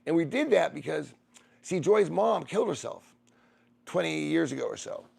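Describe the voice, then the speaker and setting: Gravelly man telling a rambling story. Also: on the high side, very animated, normal speed, a little mellow. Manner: meandering, restarts and repeats phrases. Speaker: streamer.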